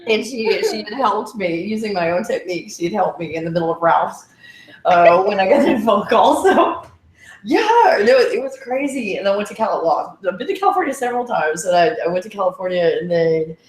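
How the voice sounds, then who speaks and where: Lively, laughing woman telling stories. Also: mid-range voice, brisk, reverberant. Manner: laughing storyteller, acts out voices. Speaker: guest. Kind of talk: casual chat.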